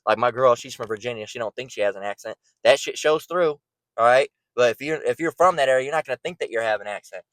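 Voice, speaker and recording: A man's voice: mid-range voice, fast talker, fairly bright tone, dry recording. A man giving an informal, blunt preaching rant, profane and repeating words as he gets worked up. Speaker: online preacher.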